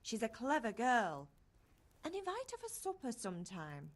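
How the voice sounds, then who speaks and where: A woman's voice: a little high, wildly swooping pitch, moderate pace. An actress playing Henry's mother, a caring village woman who nags her son fondly. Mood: teasing. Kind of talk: game character dialogue.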